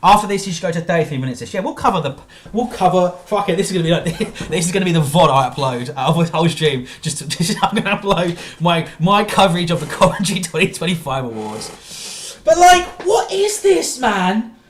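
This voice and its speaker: A woman's voice: fairly low pitch, big pitch swings, brisk, reverberant, slight background noise. A woman streamer ranting profanely in exasperated reaction commentary.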